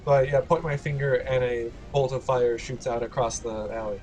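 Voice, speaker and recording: A man's voice: mid-range voice, steady tone, moderate pace, a little mellow, faint music behind. A man playing a tabletop game, describing his character's actions and adding a little playful whining. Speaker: player.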